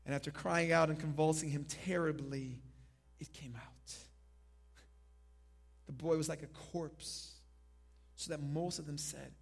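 Guy preaching a sermon, high voice, goes quiet then loud, gets the church to repeat after him. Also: unhurried, vocal fry, pauses often, slightly rough. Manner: dynamic preaching, swinging from hushed to loud; leads congregation in call and response. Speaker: pastor.

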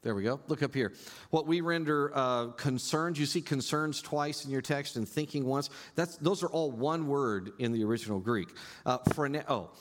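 A male pastor preaching a sermon in an animated way, rising to loud emphasis and dropping to quiet asides. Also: medium pitch, normal speed, big-room sound.

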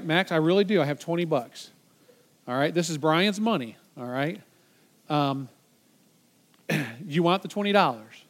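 High-voiced pastor preaching casually. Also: male voice. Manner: conversational, encouraging, with playful stage banter. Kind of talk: sermon. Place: church sanctuary stage.

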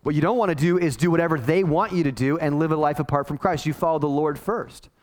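A man's voice: fairly high pitch, fast. A middle-aged man, a pastor, preaching a sermon in a casual, conversational way and acting out the people he quotes. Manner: conversational, animated, acts out quoted voices.

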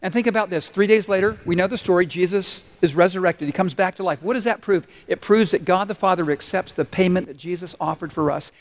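A male pastor preaching a sermon in church, often pausing to ask the congregation to finish his sentences. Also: sits high. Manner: asks the congregation to fill in words.

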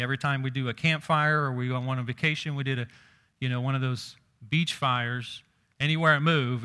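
Bright-voiced man preaching. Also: medium pitch. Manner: conversational preaching, rising for scripture quotes. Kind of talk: sermon.

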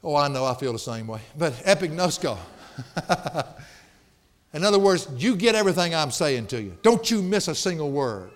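A pastor preaching a sermon in a church sanctuary, emphatic and folksy, with playful asides. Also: male voice, on the high side, very animated, moderate pace. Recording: long hall reverb.

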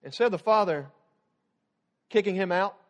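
A young man preaching a sermon as student pastor, animated, swinging from loud emphatic points to quiet soft passages. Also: high-pitched, normal speed.

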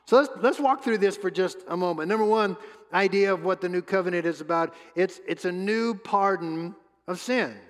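A man preaching a sermon as pastor, emphatic, repeating his words and pausing often. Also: sits high. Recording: long hall reverb.

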